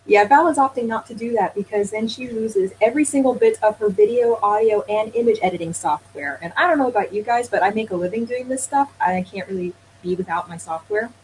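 A woman's voice: medium pitch, fairly quick, hardly any pauses, a little mellow, a little hiss or hum, rough recording. A woman co-hosting a casual podcast, teasing her co-host and laughing easily. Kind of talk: casual chat.

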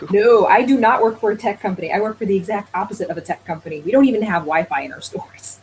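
A woman's voice: mid-range voice, fast, darkish tone, slight background noise, low-quality recording. A woman co-hosting a casual podcast, teasing her co-host and laughing easily. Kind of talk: casual chat.

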